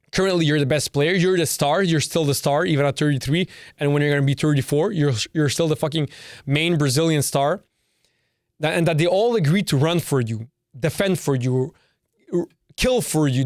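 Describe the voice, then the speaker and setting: A man's voice: a little high, no echo, studio quality. A young man hosting his own podcast, ranting in an emphatic, brash way, repeating himself and swearing. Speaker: podcast host. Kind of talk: casual solo podcast rant.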